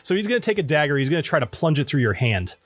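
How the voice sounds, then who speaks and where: A man running a tabletop game as game master, relaxed, laughing often and searching for words. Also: a little high, rapid-fire.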